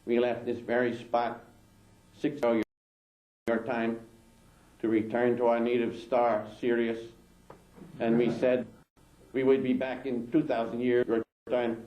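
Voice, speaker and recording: A man voicing a small, stern male alien leader who talks slowly and deliberately. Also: mid-range voice, completely flat delivery, mellow, roomy sound, lightly acted, rough recording. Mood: stately. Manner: slow, drawling, deliberate.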